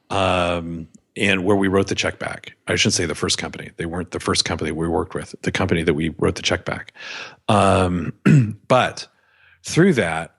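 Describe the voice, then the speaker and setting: A man with a fairly low voice talks as a guest on a business podcast. He tells his stories earnestly, often stumbling over the first words of a sentence. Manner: earnest, repeats starts of phrases. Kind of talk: podcast interview, storytelling.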